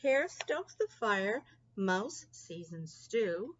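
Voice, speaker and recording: A woman reading a picture book aloud in a slow, sing-song storytelling manner. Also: mid-range voice, very animated, muffled recording. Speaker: storybook reader.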